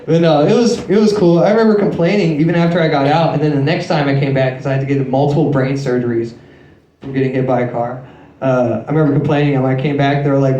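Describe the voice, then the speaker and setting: Late-20s male stand-up comic, slightly high voice, crude self-deprecating delivery, roomy club sound. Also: fairly quick, mellow. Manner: crude, self-mocking storytelling with frequent swearing. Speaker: stand-up comedian. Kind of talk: stand-up comedy set. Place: comedy club stage. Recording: echoey club room.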